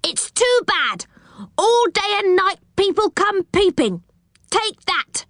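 A woman doing a shouting, furious little pixie. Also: extremely high pitch, big pitch swings, slow pace, no echo, studio quality, voice pushed up, exaggerated voice. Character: angry grumpy male pixie, small, hates peepers. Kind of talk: storybook reading.

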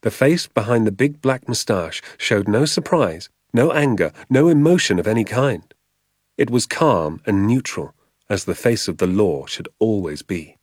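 A man with a fairly low voice reads a storybook aloud in a measured, expressive way. The sound is close and dry, with no room around it. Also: breathy edge, no room sound. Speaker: audiobook narrator. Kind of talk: storybook narration.

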